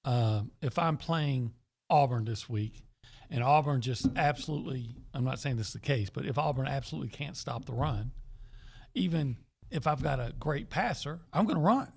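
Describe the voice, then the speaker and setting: A man co-hosting a casual sports talk radio show, hedging and thinking out loud as he answers. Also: medium pitch, normal speed, creaky, husky. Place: radio studio.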